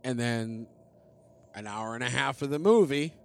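A man's voice: medium pitch, normal speed, vocal fry. A man casually and profanely recapping a film, rambling and acting out the characters' lines. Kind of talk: casual movie-recap chat.

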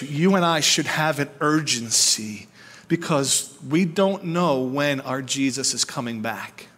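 A man's voice: mid-range voice, fairly bright tone. A man in his forties preaching a sermon as pastor at a church service, talking earnestly to the congregation and building to fervent emphasis.

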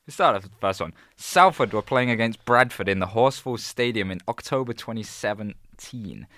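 A man's voice: lowish voice, lively intonation, normal speed, bright, forceful tone, dry recording. A man co-hosting a podcast, telling stories in a laid-back, chuckling way on a close mic. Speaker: podcast co-host. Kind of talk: casual chat, reading out stories.

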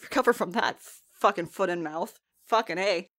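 A woman's voice: lowish voice, moderate pace. A young woman chatting casually, recapping a TV episode with lots of swearing and laughter. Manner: animated, swears freely, laughs often.

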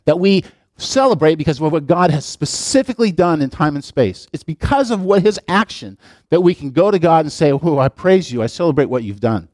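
A man's voice: on the high side, a little mellow, no echo. A man preaching a sermon as pastor, moving between reading scripture aloud and chatty, digressive asides to his congregation. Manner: reads scripture aloud with pauses and stresses. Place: church sanctuary.

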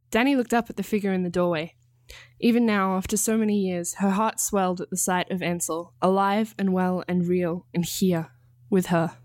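A woman, the author, reading her own story aloud in calm, measured narration. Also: on the low side, dry recording, clean studio sound. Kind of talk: scripted narration.

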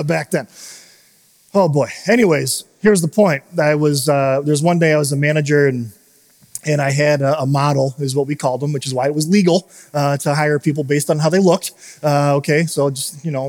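A man in his thirties preaching a casual sermon as pastor, telling a story with many restarts and little laughs, his voice jumping up when he acts out dialogue. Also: fairly high pitch. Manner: animated quoted dialogue, voice jumping up.

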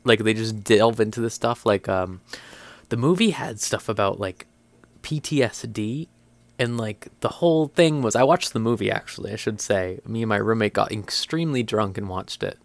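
A man's voice: lowish voice, normal speed, vocal fry, dry recording. A young man on a podcast, chatting casually and incredulously, with lots of filler words and swearing. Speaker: podcast co-host. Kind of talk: casual chat.

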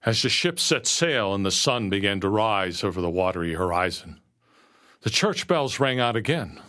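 A man narrating a first-person story slowly and earnestly, dropping to a hush at moments. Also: on the low side, sing-song. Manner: slow, earnest storytelling with quiet hushed moments.

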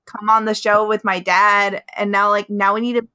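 A woman co-hosting a podcast in casual, animated, exclamatory chat. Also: medium pitch, moderate pace, clear, resonant tone. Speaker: podcast co-host.

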